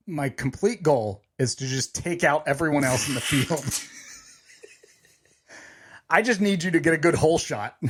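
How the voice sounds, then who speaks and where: A middle-aged man co-hosting a casual podcast, joking around and laughing often while he talks. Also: on the high side. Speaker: podcast co-host. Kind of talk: casual chat.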